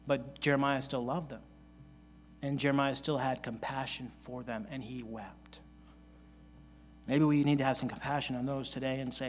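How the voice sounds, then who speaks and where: A man's voice: medium pitch, fairly even intonation, normal speed, a little hiss or hum. A male pastor preaching a sermon in an earnest manner, reading scripture aloud and repeating key phrases for emphasis.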